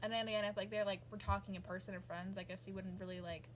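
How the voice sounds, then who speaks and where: A woman's voice: medium pitch, little pitch movement, fast, slight background noise. A young woman, rambling casually as a vlogger with lots of fillers and asides. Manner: rambling, gushing, many fillers. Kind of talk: casual chat.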